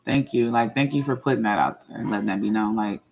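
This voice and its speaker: Gravelly-voiced woman venting calmly. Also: very deep voice, slight background noise. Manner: slow, measured venting, repeats herself. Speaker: channel host. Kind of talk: casual livestream talk.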